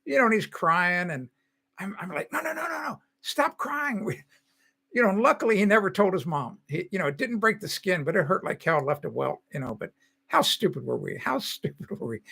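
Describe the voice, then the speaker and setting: A man's voice: high-pitched, sing-song, a little fast, creaky, pushed and bright. An older man hosting a casual live stream, telling rambling stories and laughing often. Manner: rambling storytelling with frequent laughs.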